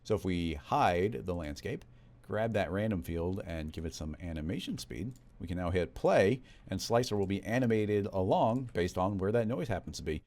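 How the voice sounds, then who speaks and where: A man walking through a software tutorial in a relaxed, conversational step-by-step way. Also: low-pitched, normal speed. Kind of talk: screen-recorded software tutorial.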